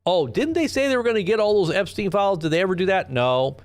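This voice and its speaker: A man's voice: sits high, animated, quick pace. Rambling sarcastic man hosting a live stream. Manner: rambling, sarcastic, repeats and restarts often. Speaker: host of a live news commentary channel. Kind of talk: casual live-stream commentary.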